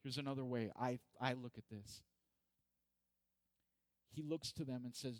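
A man's voice: mid-range voice, unhurried, pauses often, dry recording. A man preaching a sermon in a conversational way, acting out pleading questions with rising intensity.

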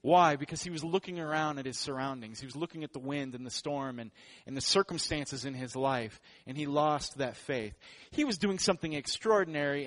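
A man's voice: mid-range voice, a bit bright. A man preaching a sermon in a joking, conversational way. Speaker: pastor.

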